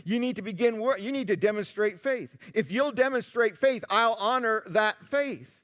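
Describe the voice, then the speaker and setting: A male pastor preaching a sermon, animated, moving between loud emphatic lines and quiet asides. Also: high-pitched, normal speed. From Canada.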